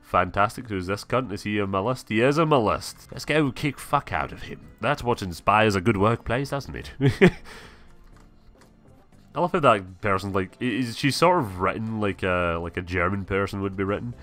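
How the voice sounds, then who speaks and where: A man's voice: on the low side, lively intonation, normal speed, a bit bright, faint music behind. A man giving gameplay commentary, reading game text aloud, swearing and laughing. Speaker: gameplay streamer. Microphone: webcam mic.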